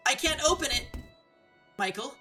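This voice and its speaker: A woman voicing a spirited, devoted young woman who pleads loudly and urgently, reading a visual novel aloud. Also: high-pitched, lively intonation, normal speed, soft background music, voice pushed up. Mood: panicked.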